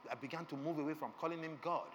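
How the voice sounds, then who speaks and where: A man's voice: a little high, very fast, fairly bright tone. A middle-aged man, telling an emotional testimony in a sermon and checking in with his listeners. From Nigeria. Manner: earnest, emotional storytelling, asks the audience questions. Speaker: preacher. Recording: reverberant hall with faint background noise.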